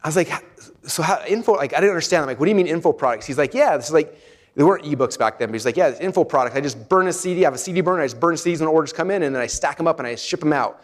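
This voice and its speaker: Fast-talking man telling a story. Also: fairly high pitch. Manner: animated, laughs often, quotes himself. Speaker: speaker telling a personal story. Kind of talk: casual storytelling to an audience.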